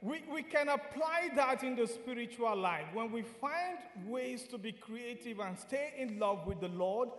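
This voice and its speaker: A man from Nigeria preaching a sermon, earnest and repeating key phrases, sometimes singing lines slowly. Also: high voice, echoey room, long reverb tail.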